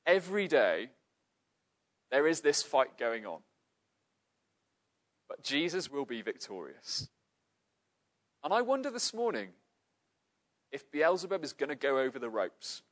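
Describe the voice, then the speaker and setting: A man's voice: a little high, big pitch swings, a little slow, pauses often. A man from Cardiff preaching a sermon in an earnest, emphatic way. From Cardiff, Wales.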